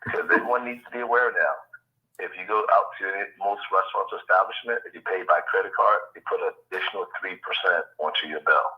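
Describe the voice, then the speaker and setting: Man, low voice, chatty storyteller with lots of fillers, dull phone-line sound. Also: quick pace. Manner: rambling, anecdotal, with many fillers and restarts. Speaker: participant on a group coaching call. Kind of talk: casual storytelling on a conference call. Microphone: phone call.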